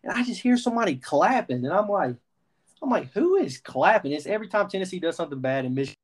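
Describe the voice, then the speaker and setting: A young adult man from the Southern United States co-hosting a podcast, telling a lively story in casual sports talk and acting out his own reactions. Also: high-pitched, very fast. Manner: animated storyteller, quotes himself. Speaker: podcast co-host.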